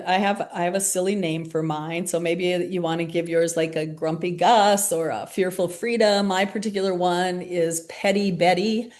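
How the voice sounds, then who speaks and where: A woman leading a reflective group workshop, speaking gently and candidly, often with a laugh. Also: lowish voice. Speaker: workshop facilitator.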